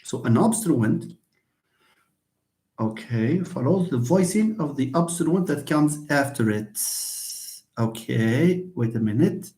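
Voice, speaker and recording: A man's voice: medium pitch, animated, takes it slowly, pauses often, dark tone. Man, university lecturer, hesitant, reverberant room. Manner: hesitant, many fillers and restarts, addresses students by name. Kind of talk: lecture reviewing phonology. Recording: echoey room.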